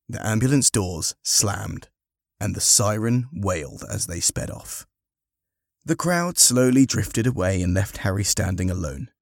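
A man narrating a storybook in a slow, measured, expressive way. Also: low voice, no echo, studio quality.

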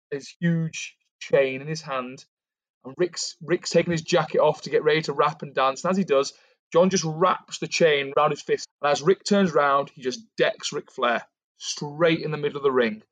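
A man's voice: fairly high pitch, dry recording. A man co-hosting a podcast, retelling a storyline in casual chat and briefly acting out the lines of the people in it. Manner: animated, acts out quotes while retelling. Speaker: podcast co-host. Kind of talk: casual storytelling about a fantasy wrestling storyline.

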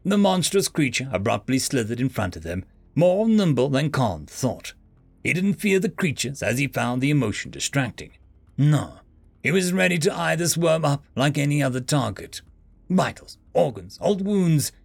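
A man narrating a fantasy story in an expressive storytelling manner. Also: fairly high pitch, normal speed, vocal fry, slightly rough. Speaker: audiobook narrator. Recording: faint background music. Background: faint music.

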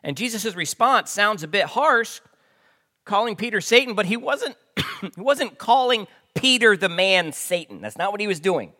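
A man's voice: high voice, expressive, moderate pace, bright, forceful tone. A man preaching a conversational sermon, often restarting his sentences. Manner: conversational, with frequent restarts and fillers. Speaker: pastor.

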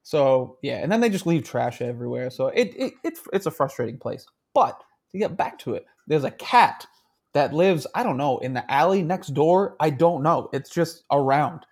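A man's voice: a little high, animated, normal speed. A man co-hosting a podcast in casual chat, laughing often and swearing freely. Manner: laughing, crude banter. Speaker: podcast co-host. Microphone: handheld mic.

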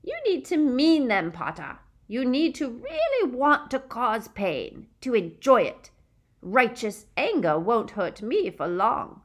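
A woman's voice: a little high, very animated, takes it slowly, pitched above the performer's own voice, exaggerated voice. A woman voicing a cruel, gloating adult witch who taunts in a sing-song mock baby voice and shrieks. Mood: sneering menace.

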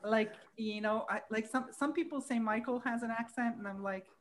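A woman, hosting a casual podcast, chatty and quick to laugh. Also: fairly high pitch. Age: 40s. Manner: chatty, laughs easily, trails off. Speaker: podcast host.

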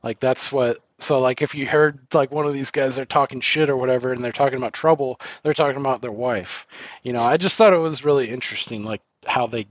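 A man's voice: mid-range voice, brisk, no room sound. A man co-hosting a film podcast, rambling casually with lots of fillers and swearing. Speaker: podcast co-host.

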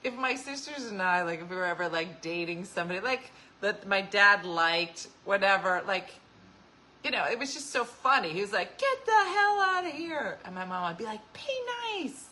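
Brisk and forceful, this host's fairly low, bright voice carries through a low-quality recording. She runs a relaxed chat show with viewers, chatting freely, laughing often, and performing the voices of whoever she's quoting.

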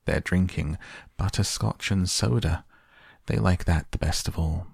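Guy doing eccentric candy-factory owner, brisk and theatrical, low husky voice, dry sound. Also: no echo, exaggerated voice.

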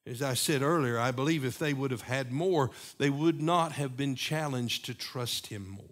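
A man preaching a sermon as pastor, moving between emphatic raised passages and hushed, repeated lines. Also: medium pitch, moderate pace. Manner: preaching with swings from loud emphatic peaks to hushed, repeated phrases.

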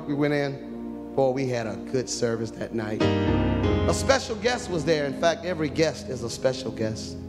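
With a big-room sound around him, a medium-pitched man preaches, praying out loud and telling tales from his ministry. His delivery shifts from soft, pleading tones to loud outcries.

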